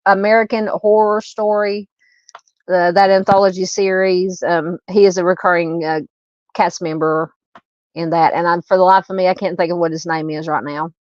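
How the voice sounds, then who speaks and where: A woman's voice: on the low side, level tone, moderate pace, a little mellow, no room sound, muffled recording. A middle-aged Southern woman hosting a live true crime stream, chatting casually, greeting viewers and reading comments in a rambling way with many fillers and restarts. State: hiccups.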